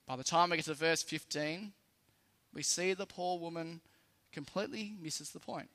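A man's voice: on the high side, normal speed, a bit bright. A man with an Australian accent preaching a sermon in a conversational, lightly humorous way, stressing key phrases.

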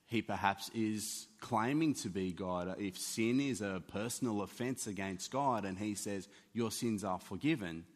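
A man preaching a sermon in an animated, conversational teaching manner. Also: lowish voice. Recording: long hall reverb.

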